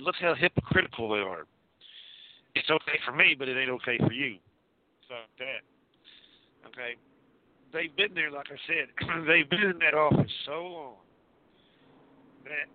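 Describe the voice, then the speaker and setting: A blunt man co-hosts a political radio show and swears freely. His voice is mid-pitched and plain, and he keeps clearing his throat. The sound is thin and tinny, like a phone call. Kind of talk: casual political talk radio.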